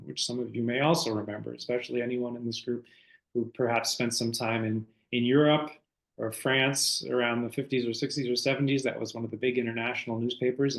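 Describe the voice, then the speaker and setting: A man's voice: medium pitch, creaky, a bit bright, roomy sound, low-quality recording. A man, an author, giving a conversational online book talk, telling history as a story with frequent fillers.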